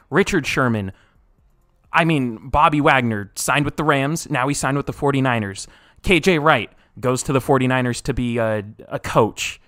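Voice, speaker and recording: A young man streaming live, reading chat aloud and reacting, swinging from low mumbles to loud outbursts, his voice wearing out. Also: lively intonation, normal speed, no room sound, clean studio sound.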